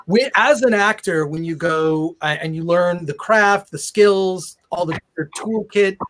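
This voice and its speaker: A man's voice: sits high, a little slow, fairly bright tone, slight background noise. A man hosting the interview, asking rambling, joking questions. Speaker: host. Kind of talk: casual interview.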